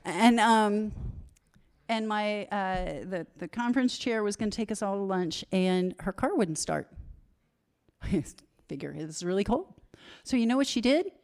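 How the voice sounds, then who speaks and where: A woman's voice: mid-range voice, lively intonation, unhurried, darkish tone. A middle-aged woman speaking candidly to an audience at a recovery conference, self-deprecating and building to emphatic repetition.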